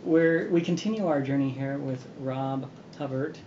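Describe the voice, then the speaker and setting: A man hosting a beer review show in casual chat, relaxed and rambling with many fillers. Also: medium pitch, moderate pace. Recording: roomy, dull sound with background noise.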